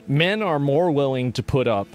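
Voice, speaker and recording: A man's voice: mid-range voice, expressive, normal speed, soft background music. A man streaming a casual reaction commentary, rambling and swearing with many fillers as he argues and explains his point of view.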